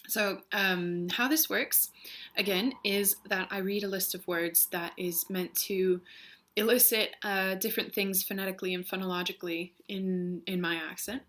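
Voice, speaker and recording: A woman's voice: mid-range voice, fairly even intonation, moderate pace, a bit bright. A young woman from the States, talking casually in a video diary and reading a word list, with frequent ums. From Western United States. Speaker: vlogger, linguistics student.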